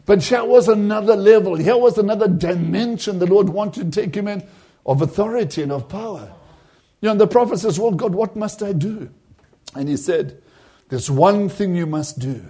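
A man's voice: high voice, normal speed, dark tone, slightly rough. A man preaching a sermon, retelling a vision and acting out the voices in it with rising emphasis.

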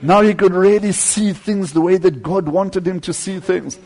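A man preaching a sermon with fervent delivery, swinging between loud climbs and quieter asides. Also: high-pitched, moderate pace.

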